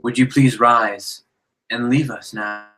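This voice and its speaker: A man's voice: mid-range voice, steady tone, slow pace, sharp tone, pitched below the performer's own voice. A man voicing a frightened hunchback bridegroom while reading a story aloud, pleading.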